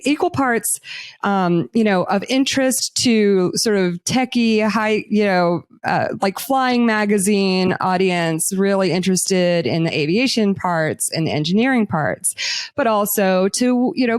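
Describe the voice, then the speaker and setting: A woman's voice: medium pitch, no echo. Woman book club host, chatty and loose, dry close sound. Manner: chatty with many fillers. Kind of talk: casual interview.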